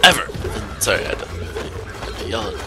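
A man giving rambling, joking commentary over his own gameplay, recorded at home afterward, with sudden squeaky impressions. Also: big pitch swings, a little fast, heavy background noise. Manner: goofy, rambling, bursts into high squeaky impressions. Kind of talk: casual let's play commentary. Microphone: home microphone, recorded after the gameplay. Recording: game music playing underneath.

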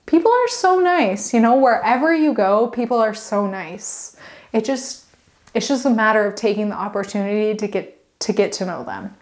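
A woman's voice: mid-range voice, expressive, moderate pace, a little mellow. A young woman vlogging a casual walkthrough of her plant collection at home, chatty and gushing, wandering off on tangents. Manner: chatty, rambling, goes off on tangents; bubbly, gushing.

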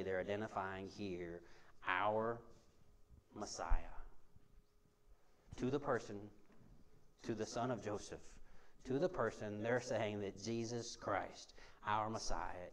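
A man's voice: lowish voice, fairly even intonation, unhurried, long pauses. A man preaching a sermon to a congregation in a church, talking conversationally, repeating key phrases and asking the room questions. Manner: conversational, repetitive preaching with call-and-response. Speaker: pastor. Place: church sanctuary before a congregation.

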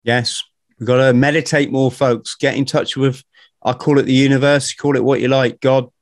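A man hosting a podcast, talking in an animated, ranting way and swearing casually. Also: mid-range voice, moderate pace, no echo, studio quality. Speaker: podcast host.

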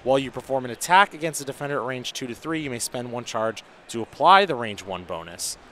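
A man's voice: medium pitch, animated, quick pace, fairly bright tone, slight background noise. A man commenting on a tabletop game tournament in a casual, analytical way, explaining the rules in detail. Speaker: match commentator.

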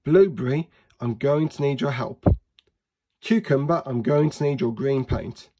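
A man's voice: mid-range voice, a little slow, slight background noise, natural voice. A man doing a cheerful potato superhero. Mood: determined.

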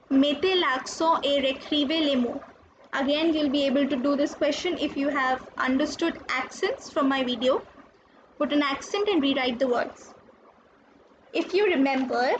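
A woman teaching a recorded French lesson, patiently spelling out letters and repeating each word. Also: sits high. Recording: dull lo-fi with faint noise.

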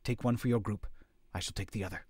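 A man's voice: on the low side, steady tone, fast, darkish tone, breathy edge, no room sound, clean studio sound. A man voicing a stern, commanding male creature warrior who snarls orders. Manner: snarling, authoritative.

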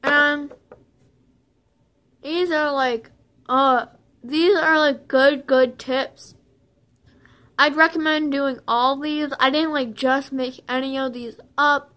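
A woman's voice: high-pitched, fairly even intonation, takes it slowly, long pauses, fairly bright tone. A young woman vlogger giving a joking mock beauty tutorial in a playful, rambling way.

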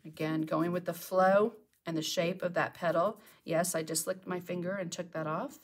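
A woman's voice: lowish voice, steady tone, moderate pace. Chatty woman teaching a painting lesson. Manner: chatty, talks to herself while working. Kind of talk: live painting tutorial. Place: home art studio.

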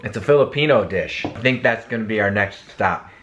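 Casual man talking food, low voice. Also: lively intonation, brisk, highs cut off, background noise. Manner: enthusiastic, jokey. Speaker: vlog co-host. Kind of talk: casual food-tasting chat.

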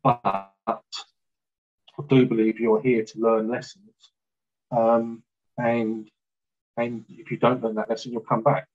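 A man recounting an experience as a guest, talking haltingly with fillers and restarts. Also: mid-range voice, level tone, dull audio. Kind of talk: casual storytelling in an interview.

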